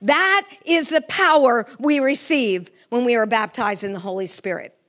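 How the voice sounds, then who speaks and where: A woman's voice: fairly high pitch, moderate pace, a bit bright. A middle-aged woman preaching a sermon with fervor, asking the congregation questions. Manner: fervent, asks the congregation questions.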